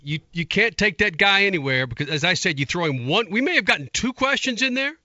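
A male radio host wrapping up a guest segment and previewing the next hour with quick plugs. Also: high-pitched, expressive, pushed and bright, no room sound, dull audio. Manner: quick plugs and show rundowns. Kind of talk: radio talk show hosting.

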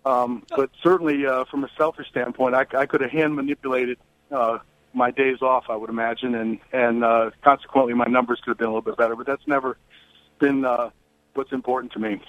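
A man's voice: medium pitch, fairly quick, no room sound. Middle-aged man on a tinny phone line. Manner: relaxed, many fillers and restarts. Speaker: guest on radio show. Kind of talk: phone interview.

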